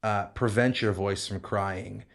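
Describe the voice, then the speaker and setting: A man's voice: fairly low pitch, fairly even intonation, unhurried, gravelly. A man, a rabbi, explaining Bible passages in a podcast discussion, quoting Hebrew verses and often restarting his sentences. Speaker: rabbi co-host explaining scripture.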